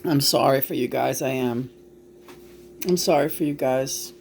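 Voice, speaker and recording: A woman channeling the spirit of a dead male rock star, speaking slowly in a stern, lecturing way. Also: a bass voice, vocal fry, noisy background, voice pushed down, heavily acted. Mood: scolding.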